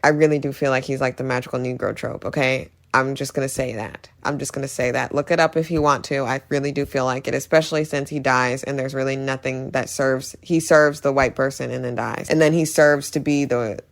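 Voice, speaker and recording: Chatty low-voiced woman recapping a movie. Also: steady tone, a little fast, few pauses. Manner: chatty, opinionated, full of "like" and "literally". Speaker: movie reviewer.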